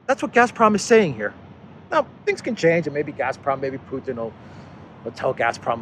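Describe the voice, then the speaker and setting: A man's voice: a little high, big pitch swings, brisk, fairly bright tone, slight background noise. A man delivers an unscripted commentary monologue in a loose, conversational way. His tone runs sarcastic and exasperated, and he readily mocks the officials he talks about. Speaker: political commentary host.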